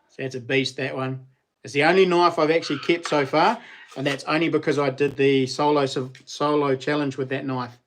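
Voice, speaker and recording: A middle-aged man, chatting casually about his handmade knives, easygoing and rambling with ums and restarts. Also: mid-range voice. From New Zealand. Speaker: vlogger and knife maker. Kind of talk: casual show-and-tell chat.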